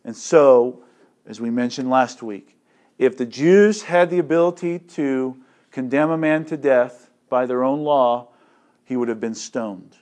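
A man preaching an expository sermon, slow and deliberate, with loud emphatic swells and casual asides. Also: medium pitch. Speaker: pastor.

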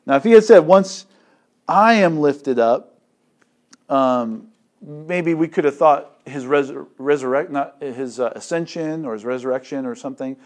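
A man preaching an expository sermon, slow and deliberate, with loud emphatic swells and casual asides. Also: fairly high pitch. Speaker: pastor.

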